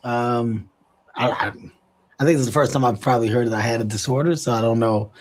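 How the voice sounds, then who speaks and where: A man chatting as an interview guest, animated and playful. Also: mid-range voice, a little fast. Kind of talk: casual interview chat.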